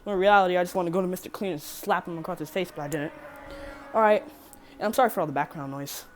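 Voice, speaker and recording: A woman's voice: lowish voice, quick pace, soft background music. A teenage girl rambling through a casual storytime vlog, swearing freely and correcting herself as she goes. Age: teen. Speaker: vlogger.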